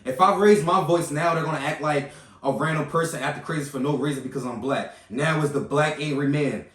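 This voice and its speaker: A man's voice: a little high, a little fast, fairly bright tone. A man vlogger retelling a confrontation in a heated, casual way, repeating points for emphasis. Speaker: vlogger recounting an incident. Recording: echoey room, mic at a distance.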